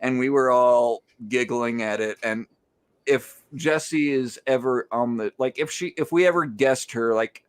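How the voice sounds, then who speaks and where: A man's voice: medium pitch, measured pace, clear, resonant tone. A man from the United States co-hosting a podcast, telling a loose anecdote full of filler "like"s. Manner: loose storytelling, heavy use of filler "like". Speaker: podcast co-host. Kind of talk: rambling anecdote and casual review chat.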